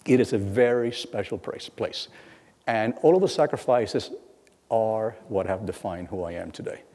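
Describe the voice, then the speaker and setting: A middle-aged man giving a lecture as guest speaker, telling stories with halting repeats and acting out bits of dialogue. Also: on the low side, warm tone. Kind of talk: lecture storytelling. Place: lecture hall. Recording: long hall reverb.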